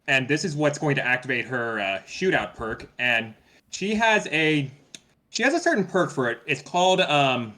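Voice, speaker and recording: A man's voice: medium pitch, lively intonation, moderate pace, pushed and bright. A man playing a tabletop role-playing game, narrating his character's actions hesitantly, with many restarts. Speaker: player.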